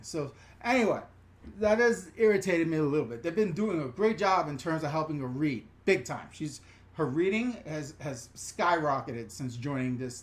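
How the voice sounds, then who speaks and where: A host from the New York or New Jersey area talks loosely through a live-stream Q&A. The voice sits at a middle pitch and wanders from topic to topic in a relaxed, chatty way, often breaking off to greet viewers by name. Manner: chatty, rambling, reads viewer comments aloud with bright greetings. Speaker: channel host answering viewer questions.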